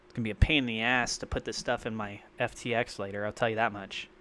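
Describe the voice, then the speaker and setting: Excitable man, bright forceful voice. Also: lowish voice, quick pace, a little hiss or hum. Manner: rambling, thinks out loud, excitable. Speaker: crypto livestream host. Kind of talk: live-streamed crypto commentary.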